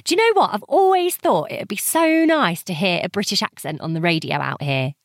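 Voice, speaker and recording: A woman's voice: medium pitch, expressive, fairly quick, no echo, studio quality. A woman interviewing a guest, asking friendly, curious questions and laughing along.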